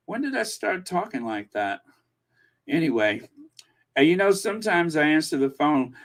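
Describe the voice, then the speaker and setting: A man's voice: a little high, animated, measured pace. A man hosting a royal news channel, reading viewer comments in a rambling, self-amused casual chat.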